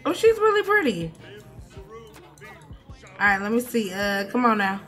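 A young woman, giving animated, swearing, mock-outraged commentary as she plays a life-sim game. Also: medium pitch, unhurried, faint music behind. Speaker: gaming streamer. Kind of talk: casual gameplay commentary.

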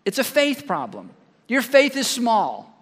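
A man preaching an animated sermon as pastor, acting out both sides of imagined conversations. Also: very high voice, unhurried, breathy edge, in a large hall. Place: large church hall.

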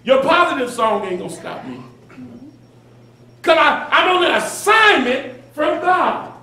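A man preaching a sermon as pastor, with call-and-response and sudden dramatic shouts, recorded in a church. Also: very high-pitched, big pitch swings, a little slow. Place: church sanctuary. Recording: echoey church hall from far off.

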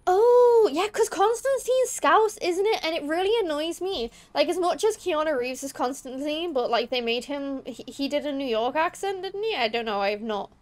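High-voiced Liverpool woman streaming. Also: fairly quick, few pauses. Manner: rambling, chatty, emphatic. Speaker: VTuber streamer. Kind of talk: casual gameplay chat.

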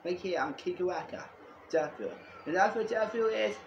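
A man rambling excitedly in a home video monologue, repeating himself and jumping between topics. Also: high-pitched, a little fast, lo-fi sound, a little hiss or hum. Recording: echoey room.

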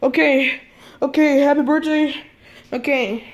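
A woman in a repetitive, halting pretend-play dialogue at home, speaking both sides of the chat and recorded on a phone camera. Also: sits high, fairly even intonation, lo-fi sound.

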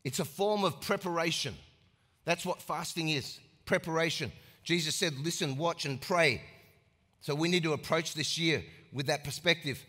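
A man preaching a sermon as pastor, emphatic and animated, acting out little scenes. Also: a little high, normal speed. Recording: echoey hall.

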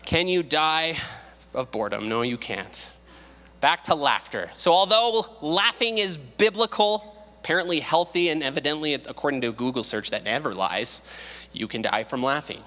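A man's voice: fairly high pitch, expressive, normal speed, bright, forceful tone. A man in his thirties, a pastor teaching a casual Bible study, joking and acting out quotes as he goes. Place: church sanctuary. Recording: long hall reverb.

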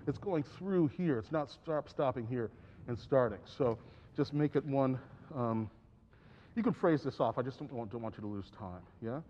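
A man's voice: medium pitch, moderate pace, a little hiss or hum. Man coaching a piano student. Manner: encouraging, sings phrases and counts beats aloud. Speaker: piano teacher giving a masterclass. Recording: slightly dull recording with piano. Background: piano playing.

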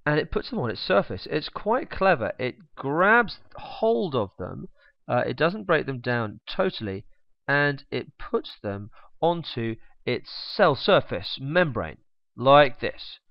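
A man's voice: medium pitch, sing-song, slow pace, gravelly, no echo. A man teaching biology while drawing, chatty, with joking asides and humming as he sketches. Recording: dull, slightly lo-fi dry recording.

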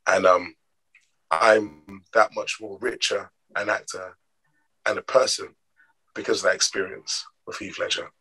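Husky-voiced man telling lively stories. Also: low-pitched, unhurried, low-quality recording. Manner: expressive, acts out quoted dialogue. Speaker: actor guest. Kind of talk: animated storytelling in an interview.

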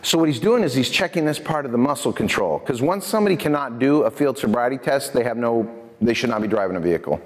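A man giving a lively prevention talk to a youth audience, telling stories and speaking to the crowd directly. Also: medium pitch, fast talker. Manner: energetic, addresses audience directly. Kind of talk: lively presentation with storytelling. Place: church hall. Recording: echoey hall.

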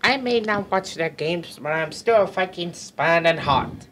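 A man's voice: high-pitched, animated, a little slow, background noise. A young man in a student broadcast chat, mumbling and hesitant. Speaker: student guest.

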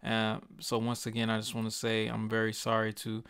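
A man's voice: fairly low pitch, monotone, creaky, a bit bright, clear, resonant tone, dry recording, clean studio sound. A young man giving his earnest, passionate views in a commentary vlog, stumbling and restarting often and swearing casually. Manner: earnest, halting, frequent restarts and stutters. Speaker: YouTuber. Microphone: desk microphone.

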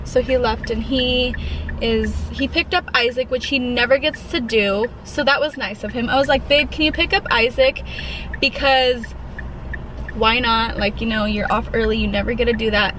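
A woman's voice: fairly high pitch, fairly even intonation, moderate pace. A young woman vlogging casually to her handheld camera, chatty and rambling, with lots of fillers as she shows her shopping. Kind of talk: casual shop-with-me vlog. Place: in her car, then at home. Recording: loud background noise.

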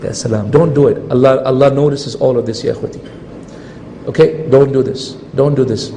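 A man giving a lecture explaining Quran verses, reciting the Arabic quickly and then acting out the scenes with lively voices. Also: mid-range voice. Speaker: Islamic lecturer. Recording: hall reverb, faint ambient noise.

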